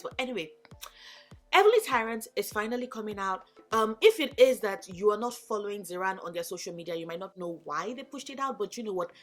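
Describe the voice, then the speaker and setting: A woman chatting casually in a vlog, animated and gushing, swearing freely. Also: medium pitch, fast, faint music behind. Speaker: book YouTuber. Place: home in Lagos.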